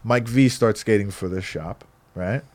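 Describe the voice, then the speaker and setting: A man, a guest on a podcast, telling animated stories about his past in a casual way, often adding "right?". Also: fairly low pitch, unhurried. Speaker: podcast guest, skateboard company founder. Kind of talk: casual storytelling.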